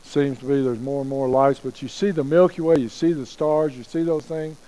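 A man preaching a sermon as pastor, slowing down to stress key phrases and asking rhetorical questions. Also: medium pitch, steady tone, warm tone, poor audio.

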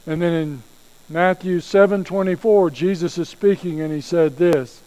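Emphatic male pastor, higher voice. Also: moderate pace, mellow, low-quality recording. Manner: emphatic preaching, acts out quoted voices. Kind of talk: sermon.

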